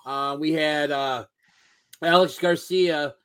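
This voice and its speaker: A man's voice: fairly high pitch, fairly even intonation, slow, fairly bright tone, clear, resonant tone. A man co-hosting a casual podcast, reading out listener answers with lots of fillers. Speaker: podcast co-host. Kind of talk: casual chat.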